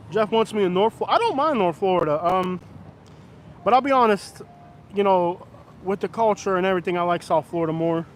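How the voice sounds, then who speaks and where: High-voiced man rambling outdoors. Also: a little hiss or hum. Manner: rambling, chatty, talks to viewers. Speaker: live-streaming vlogger. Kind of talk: casual live-stream chat. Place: downtown street outdoors at night. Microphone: camera on a stand.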